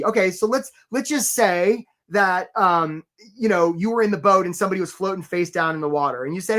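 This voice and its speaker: A man's voice: sits high, a little fast, hardly any pauses, a bit bright. A middle-aged man coaching job seekers in a live webinar, chatty and upbeat, greeting viewers by name. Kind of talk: energetic live webinar presentation.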